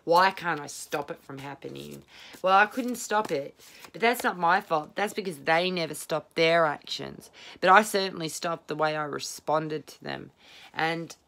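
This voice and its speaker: Low, bright-voiced woman tarot reader. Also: normal speed, vocal fry. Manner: rambling, candid and blunt, swears freely. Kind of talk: casual spoken tarot reading. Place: home, at a small table.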